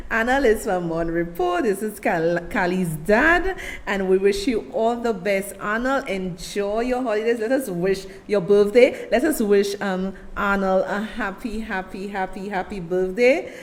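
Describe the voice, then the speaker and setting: A middle-aged woman from Saint Lucia with a Saint Lucian accent, hosting a live commentary show in an animated, emphatic, chatty way. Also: medium pitch, a little slow. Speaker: talk show host.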